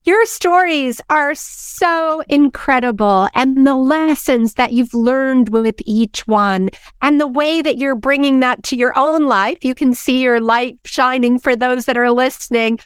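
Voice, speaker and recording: A woman's voice: high-pitched, a little slow, few pauses, smooth, no room sound, clean studio sound. A woman hosting a podcast, effusive and encouraging as she reacts to her guest and asks the next question. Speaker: podcast host. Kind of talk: interview host reacting and asking questions.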